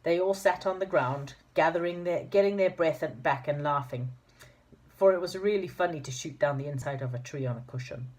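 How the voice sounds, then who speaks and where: A woman's voice: low voice, a little fast, a little mellow. A woman reading a children's storybook aloud in an informal manner, with fillers and restarts. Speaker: narrator.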